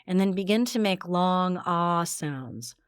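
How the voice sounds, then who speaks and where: A woman voice coach leading a guided voice exercise with calm, measured instructions. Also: lowish voice, clear, resonant tone, dry recording, studio quality. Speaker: voice coach and podcast host.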